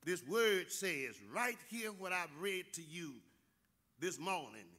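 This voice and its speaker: A man with a Southern American accent preaching a sermon in church, building to shouts on key phrases. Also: high voice, lively intonation, slow pace. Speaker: pastor.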